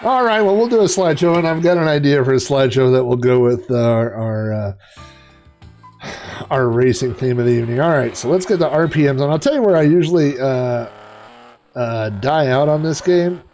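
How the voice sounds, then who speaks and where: A man's voice: mid-range voice, moderate pace, a little mellow, soft background music. A middle-aged man streaming retro racing games, chatting in a rambling way and cracking dad jokes. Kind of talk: casual live-stream commentary.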